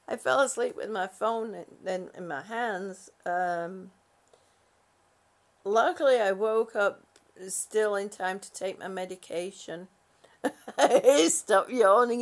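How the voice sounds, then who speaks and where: Sleepy, giggly woman chatting slowly. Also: on the high side. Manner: rambling, giggly, drowsy. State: exhausted, sleepy. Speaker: live-stream host reading viewer comments. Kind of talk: casual live-stream chat.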